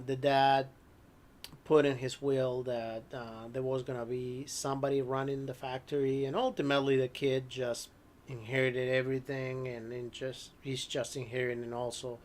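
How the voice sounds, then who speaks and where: A man narrating as game master of a tabletop horror game, unhurried, with many ums and frequent throat clearing. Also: mid-range voice, a little hiss or hum.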